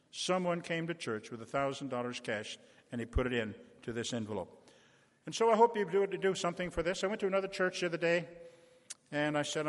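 Folksy preacher man in a reverberant church. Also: on the high side. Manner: folksy storytelling, repeated direct appeals to the congregation. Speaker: visiting preacher raising funds. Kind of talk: fundraising appeal in a church service. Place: church sanctuary.

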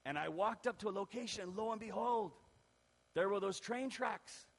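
A male pastor telling a personal story in a sermon, lively and acting out the voices of the people in it. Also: sits high, normal speed, gravelly. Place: church. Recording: long reverb of a church hall.

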